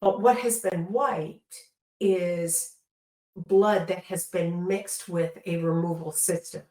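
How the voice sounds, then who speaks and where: A woman's voice: lowish voice, fairly even intonation, takes it slowly, darkish tone. A woman tattoo-removal trainer giving an earnest instructional demonstration and often correcting herself mid-sentence. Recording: echoey room.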